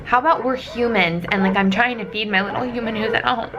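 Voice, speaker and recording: A woman's voice: fairly high pitch, fast. A woman in her thirties talking candidly to a handheld phone camera in a chatty vlog, with lots of "like". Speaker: vlogger. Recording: clear background noise.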